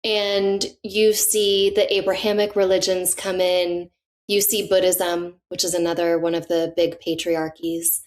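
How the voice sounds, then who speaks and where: A woman's voice: fairly low pitch, a little slow. Enthusiastic woman telling a myth. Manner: enthusiastic, animated, laughs often. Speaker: podcast guest, author. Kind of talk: casual storytelling in conversation.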